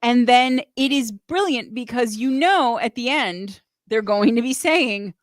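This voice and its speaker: A woman's voice: on the high side, expressive, measured pace, dry recording, studio quality. A woman hosting a live music show, chatting enthusiastically, swearing freely and reading out chat comments. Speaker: host.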